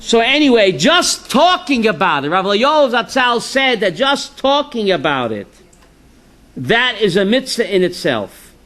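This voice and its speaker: A man teaching an informal religious class as a rabbi. He tells jokes and stories and keeps asking his listeners "right?", sometimes shouting a punchline. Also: high-pitched, big pitch swings, a little slow.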